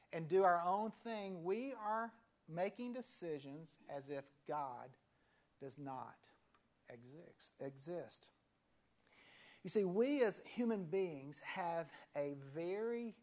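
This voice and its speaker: Pastor in his fifties, hushed dramatic endings. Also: sits high. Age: 50s. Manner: conversational, with dramatic pauses and phrase endings dropped to a hushed near-whisper. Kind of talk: sermon with storytelling.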